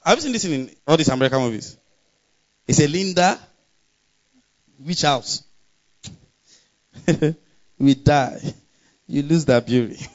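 A man's voice: a little high, expressive, measured pace, long pauses, highs cut off. A man preaching a sermon in an emphatic, conversational way, often laughing and reading scripture aloud.

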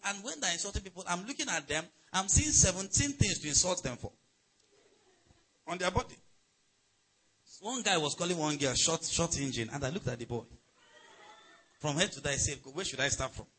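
Husky, bright-voiced pastor preaching. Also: male voice, high voice, lively intonation, fairly quick, long pauses, poor audio. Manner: emphatic preaching with swings between loud and soft, checking in with the congregation. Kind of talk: sermon.

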